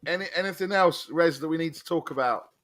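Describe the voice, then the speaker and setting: A man's voice: fairly high pitch, fast, fairly bright tone, no room sound, clean studio sound. A man with an English accent co-hosting a casual football fan show, teasing his co-host and getting worked up. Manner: teasing, bantering, gets worked up. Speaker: podcast co-host. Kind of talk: casual chat.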